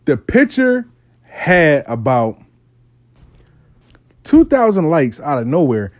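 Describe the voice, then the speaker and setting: A man's voice: a little high, sing-song, takes it slowly, dry recording. A man telling a story in a casual, profane, streetwise way, speaking as host.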